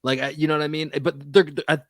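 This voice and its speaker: A man's voice: on the high side, flat delivery, fairly bright tone, no room sound, studio quality. Frustrated man hosting a sports podcast. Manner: fast, stumbling restarts, frustrated. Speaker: podcast host.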